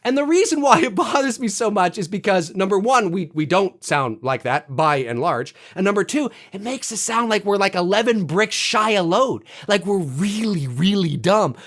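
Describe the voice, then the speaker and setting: Animated higher-voiced Canadian man ranting. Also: moderate pace, hardly any pauses. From Canada, Toronto. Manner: animated, profane, exasperated. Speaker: vlogger. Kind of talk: casual rant to camera.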